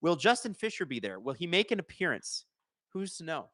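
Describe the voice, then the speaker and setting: Bright-voiced man streaming. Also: on the high side, sing-song, a little fast, no echo. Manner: jokey, reads viewer comments aloud. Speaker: host of a live watch-along stream. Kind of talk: casual live-stream chat and play-by-play.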